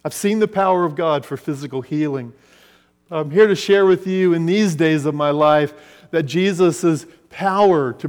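A man preaching a sermon, telling stories and swinging between loud passages and hushed ones. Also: on the high side, normal speed. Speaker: pastor. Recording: long reverb of a large hall.

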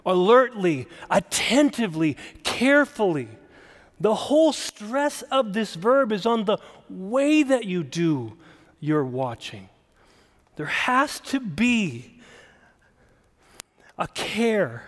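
A man's voice: high voice, long reverb tail. A man preaching a sermon as pastor, explaining a text and stressing single words with emphasis.

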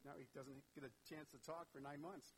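High-voiced man preaching conversationally. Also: steady tone, brisk, slight background noise, poor audio. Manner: conversational, asks the audience questions, acts out voices. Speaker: pastor. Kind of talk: sermon.

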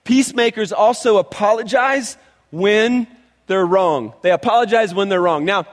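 Male pastor, animated conversational sermon, higher voice, reverberant hall. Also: normal speed. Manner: animated, conversational preaching with many restarts.

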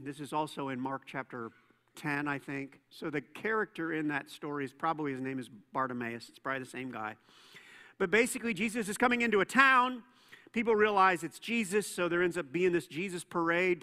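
Male pastor, high bright voice, playful storytelling sermon, long reverb in a church hall. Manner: conversational, playful storytelling with asides.

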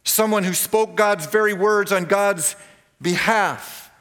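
A pastor delivers his sermon in a fairly high voice, leaning on repetition and slowing down to drive points home. The sound rings with the long reverb of a church sanctuary. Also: fairly bright tone. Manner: emphatic preaching, repeating key phrases, slowing for stress.

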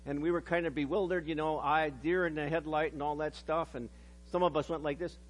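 A middle-aged male pastor delivers a sermon earnestly and in a steady tone. He slows on the key phrases and goes low and soft for the solemn lines.

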